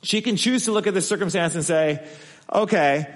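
Guy preaching a sermon, kinda high voice, lots of hall echo, talks to the room like a chat. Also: fast. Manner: conversational preaching, acts out quoted voices. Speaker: pastor. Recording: long hall reverb.

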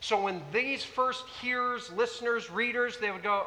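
Bright, animated preacher in a hall. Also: male voice, very high-pitched, moderate pace. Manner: animated, conversational, asks the audience questions. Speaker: pastor. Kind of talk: sermon. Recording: reverberant hall.

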